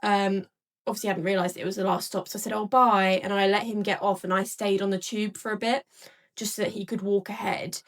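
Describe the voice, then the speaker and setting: A woman's voice: medium pitch, flat delivery, fast talker. A young woman casually recounting an experience, with lots of filler words. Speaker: storyteller in a clip. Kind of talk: casual storytelling.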